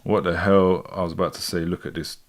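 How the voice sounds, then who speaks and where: A man's voice: low voice, level tone, brisk. A man in his forties with a London accent, chatting casually on a live stream and reading out viewer comments. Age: 40s. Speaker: streamer reacting to music.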